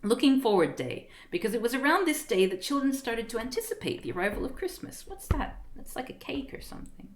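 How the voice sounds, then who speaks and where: Animated, giggly woman streamer reading aloud. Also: a little high, a little fast, few pauses, slight background noise. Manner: giggly, animated, stumbles over unfamiliar words. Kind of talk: reading a book aloud on a live stream, with asides.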